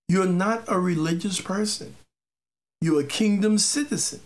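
Slow talking preacher type, hammers the same lines over and over, trips on words sometimes. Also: mid-range voice, lively intonation. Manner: emphatic, repeats key phrases, stumbles on words; personal testimony mixed with exhortation. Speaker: faith teacher. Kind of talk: informal preaching monologue.

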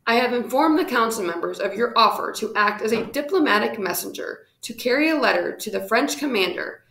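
Woman doing stern shrewd governor, formal, brisk, fairly high, roomy. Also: lively intonation, creaky, a bit bright.

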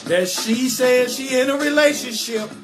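High-voiced man ranting comedy over music. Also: measured pace. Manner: animated, acts out both sides of a conversation, frequent "hell no". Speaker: comedian hosting a live call-in show. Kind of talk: loud storytelling comedy rant.

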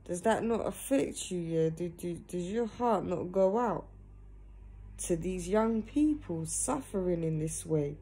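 A woman's voice: lowish voice, lively intonation, measured pace, mellow, breathy edge. A young woman talking casually to camera from home, earnest and direct, ending nearly every phrase with "yeah?". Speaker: vlogger. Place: at home in pajamas. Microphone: phone or camera.

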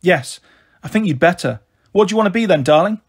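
A man doing a husky, wry young mum on the run. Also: high voice, animated, brisk, exaggerated voice. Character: weary, tearful young mother on the run. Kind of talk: audiobook character voice.

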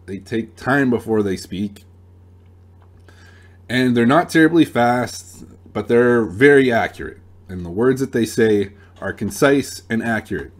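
A young man hosting an advice channel, talking in a relaxed, plain-spoken monologue with a few restarts. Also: medium pitch. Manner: relaxed, plain-spoken, uses gun comparisons, some restarts. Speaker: dating advice channel host.

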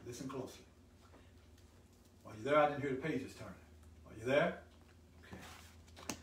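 A man's voice: normal speed, pauses often, slight background noise. Preaching man in an echoey sanctuary. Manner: call-and-response preaching, swells loud then drops low. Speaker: pastor. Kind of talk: sermon. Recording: echoey room, voice from a distance.

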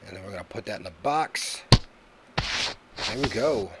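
A man's voice: fairly low pitch, expressive, unhurried, very noisy. A man hosting a casual let's-play commentary of a video game, chatty and joking, with lots of "uh" fillers. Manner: jokey, chatty, many "uh" fillers. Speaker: gaming YouTuber.

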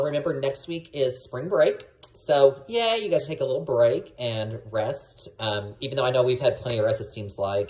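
Guy teacher chatting to his class before storytime, lots of ums and uhs, relaxed and rambling. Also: medium pitch, low-quality recording. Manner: chatty, halting with fillers and restarts. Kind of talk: casual greeting to students before a read-aloud.

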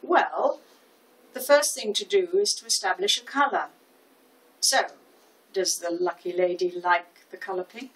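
A woman's voice: mid-range voice, unhurried, a bit bright, distant mic, close to an everyday voice, rough recording. An actress voicing a smitten young woman florist who stammers eagerly.

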